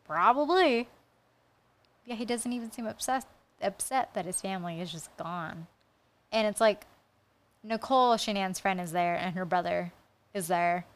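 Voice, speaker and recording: A woman co-hosting a casual true-crime podcast, blunt and quick to swear. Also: mid-range voice. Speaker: podcast co-host.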